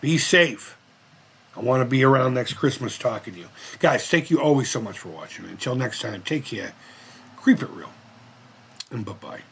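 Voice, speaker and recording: A man's voice: medium pitch, expressive, moderate pace, gravelly, husky. A man hosting his own channel, chatting casually through reaction commentary in a rambling way and swearing freely. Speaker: host of a retro gaming and movie channel.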